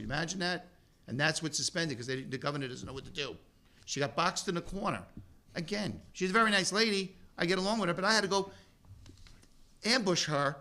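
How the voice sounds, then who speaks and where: A man holds forth at a political roundtable. His voice sits fairly high. He talks with fervor and keeps pushing into emphatic outbursts. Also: bright, forceful tone. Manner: fervent, rising to emphatic outbursts. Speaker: state senator, energy ranking member. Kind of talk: passionate political speech at a roundtable.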